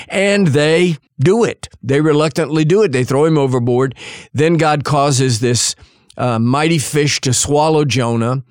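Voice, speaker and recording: Storytelling male preacher, mid-pitched. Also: clear, resonant tone, no echo, studio quality. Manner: storytelling, acts out quotes. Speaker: preacher and Bible teacher. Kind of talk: sermon-style Bible teaching.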